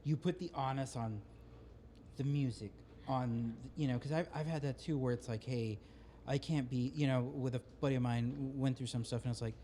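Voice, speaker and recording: A man who is a guest on a podcast, talking in a relaxed, rambling way with slang. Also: mid-range voice, normal speed, slight background noise. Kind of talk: casual podcast conversation.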